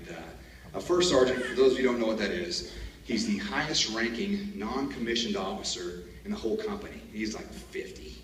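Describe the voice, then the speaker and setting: In a large hall, a man with a lowish voice gives a commencement speech, telling army stories in a folksy, joking style and laughing at his own tales. A distant camera picks up the echoey room along with slight background noise.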